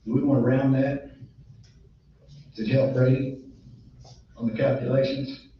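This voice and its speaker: A man running a land auction, his voice a little strained, switching between plain folksy announcements and a rapid rhythmic bid chant. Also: medium pitch, flat delivery, a little hiss or hum. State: strained voice from illness. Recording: echoey muffled room recording from a distance.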